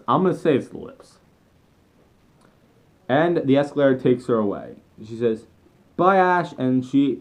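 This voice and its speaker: A young man vlogging an excited, rambling fan rant with frequent self-corrections. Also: mid-range voice.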